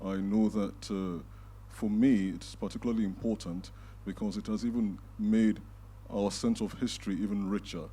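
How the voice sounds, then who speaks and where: A man giving measured closing remarks and thanks as host of a panel event, pausing often on fillers. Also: fairly low pitch, steady tone, dark tone, husky. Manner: measured, with frequent filler pauses. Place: event hall before a live audience.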